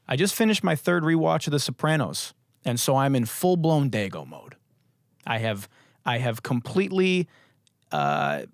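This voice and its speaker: Hoarse, animated man hosting a podcast. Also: mid-range voice, no room sound, studio quality. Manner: profane, rambling, jokey. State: hoarse, voice mostly gone. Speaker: podcast host. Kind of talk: casual solo podcast monologue.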